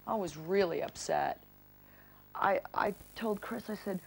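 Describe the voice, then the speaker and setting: A woman tells a personal story in an animated, worked-up way. Her voice has a gravelly creak. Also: on the low side, unhurried. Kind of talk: casual storytelling.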